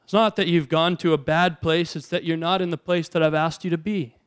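A man's voice: fairly high pitch, fairly even intonation, fairly quick, clear, resonant tone. A man preaching a sermon as a pastor, talking in a conversational way and asking his listeners rhetorical questions.

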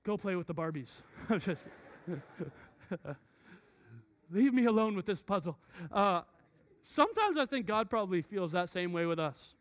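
A man in his thirties, a pastor preaching a sermon and telling a family story with lots of animated restarts. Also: sits high, normal speed, pauses often.

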